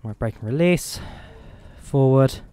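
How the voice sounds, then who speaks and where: A man's voice: mid-range voice, lively intonation, unhurried, dark tone, clean tone. A young man with a mix of Midlands and Eastern European accents, chatting casually and rambling as he streams a train simulator. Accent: Midlands English mixed with Eastern European. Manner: chatty, rambling, self-deprecating. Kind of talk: casual gameplay commentary.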